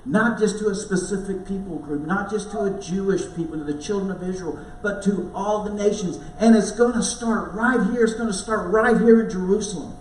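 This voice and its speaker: High-voiced pastor preaching in an echoey church. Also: male voice, a little fast, few pauses, a little mellow, slight background noise. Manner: conversational, storytelling with asides to the congregation. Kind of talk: sermon. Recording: roomy echo, mic at a distance.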